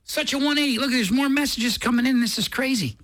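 A male talk radio host chatting casually, with an excitable, playful manner and frequent laughs. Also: extremely high pitch, quick pace.

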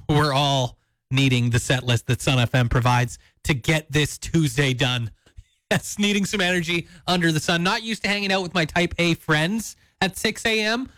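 A high, bright male morning radio host chats upbeat between songs. His voice is close and dry in the studio. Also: no room sound. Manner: chatty, upbeat, laughs between lines. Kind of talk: radio show links. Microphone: close studio mic.

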